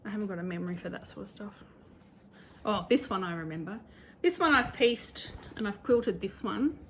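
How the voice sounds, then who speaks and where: A middle-aged Australian woman talks through her craft projects in a loose, rambling way, laughing at her own forgetfulness. Her pitch sits in an ordinary middle range. A faint hiss runs under the home recording. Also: normal speed. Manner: chatty, rambling, self-deprecating. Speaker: cross-stitch vlogger. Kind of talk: casual chat.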